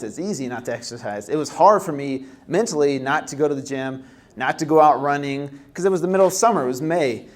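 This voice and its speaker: A young man presenting at a healthy living workshop, casual and relaxed, with many fillers and restarts. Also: a little high. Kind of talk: live presentation talk. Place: workshop room.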